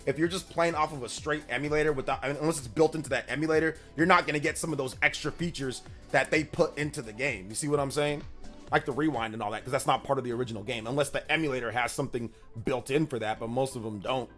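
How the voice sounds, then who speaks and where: A man's voice: medium pitch, fast talker, fairly bright tone, soft background music. A man in his thirties chatting casually with his live-stream audience, rambling and slangy, repeating himself. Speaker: streamer reading chat.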